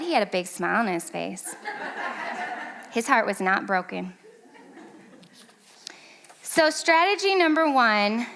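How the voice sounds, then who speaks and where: A woman in her thirties gives a casual talk to a parenting class at church. Her voice sits a little high, and she laughs easily at her own stories. She acts out the scenes, putting on a high, whiny voice for her son. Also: a bit bright. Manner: chatty and self-mocking, laughs often.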